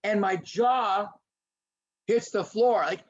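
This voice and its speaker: A middle-aged man presenting a lively webinar lecture to teachers, acting out little scenes as he goes. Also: sits high, normal speed. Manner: animated, acts out little scenes in voices. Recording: dull lo-fi webinar audio.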